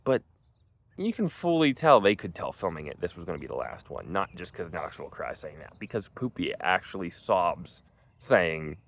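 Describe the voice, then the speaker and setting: A man's voice: sits low, big pitch swings, normal speed, creaky, no echo. A young man reviewing a movie in casual, rambling chat, full of "like" and "um" and swearing freely. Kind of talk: casual spoken film review.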